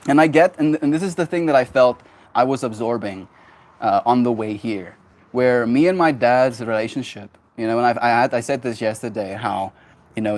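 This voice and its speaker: A man in his twenties, a streamer telling a personal story in a casual livestream, emphatic and quick to laugh. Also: mid-range voice. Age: 20s. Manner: animated and emphatic, laughs often, swears.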